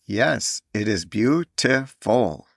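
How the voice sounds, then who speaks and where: A man voicing a small, affectionate boy in a storybook reading, speaking with careful, deliberate pronunciation. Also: mid-range voice, expressive, gravelly, a bit bright, husky, no room sound, clean studio sound, full character voice. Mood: delighted.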